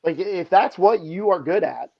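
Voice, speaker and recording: A man and baseball pitching coach telling an animated story in a casual podcast chat, leaning heavily on "like". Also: normal speed, vocal fry, slightly rough, highs cut off. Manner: animated anecdotes, heavy use of "like".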